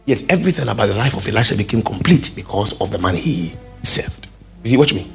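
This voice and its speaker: A man's voice: lowish voice, fast, vocal fry, faint music behind. A man preaching a sermon and calling out to the congregation. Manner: animated, calls out to the congregation.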